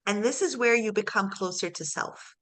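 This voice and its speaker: A woman's voice: medium pitch, normal speed, fairly bright tone. A woman coaching a client one to one, acting out the client's inner dialogue and laughing often. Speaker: life coach. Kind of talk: coaching session.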